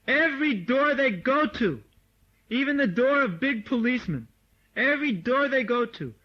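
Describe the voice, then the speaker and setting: A man giving a lively, informal lecture to devotees, mimicking people and laughing as he talks, recorded on an old tape. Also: extremely high pitch. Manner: animated, mimics voices, laughs often. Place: meditation hall or farmhouse room. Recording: dull lo-fi 1979 tape recording.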